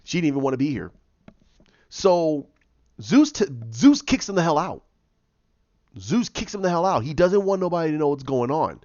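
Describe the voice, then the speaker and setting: A man with a slightly high voice recaps a comic book story casually at normal speed, pausing often. He's animated, acts out the characters' lines, and restarts a lot, all in a dry, muffled lo-fi recording.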